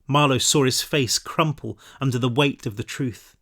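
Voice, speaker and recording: A man reading his own novel aloud, relaxed, now and then correcting himself. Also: medium pitch, moderate pace, husky. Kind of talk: audiobook narration.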